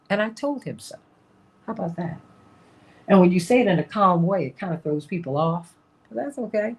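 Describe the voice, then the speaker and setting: Husky woman hosting a talk show. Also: lowish voice, sing-song, a little fast. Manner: emphatic, repeats phrases, laughs often. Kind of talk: casual talk show monologue.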